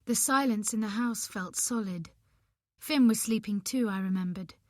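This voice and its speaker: A woman narrating an audiobook in the first person, reading in an expressive, measured way. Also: medium pitch, no echo, clean studio sound.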